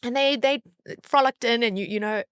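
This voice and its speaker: South African woman guest, higher voice, animated storyteller, dry close sound. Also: brisk, clean tone, no room sound. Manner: lively, acts out dialogue with big pitch jumps. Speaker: guest, agency founder. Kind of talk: casual storytelling chat.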